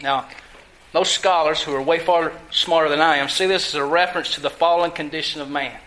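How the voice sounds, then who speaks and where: High bright-voiced preaching man. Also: steady tone, poor audio. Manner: emphatic, asks the listeners questions, slows words down for stress. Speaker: pastor. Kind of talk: sermon with scripture teaching.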